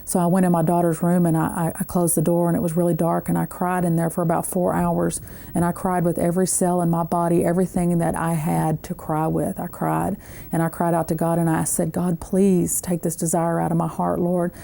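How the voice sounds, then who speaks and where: Gravelly, low-voiced woman giving testimony. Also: completely flat delivery, mellow. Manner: earnest, halting, with frequent restarts. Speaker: guest. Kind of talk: personal faith testimony.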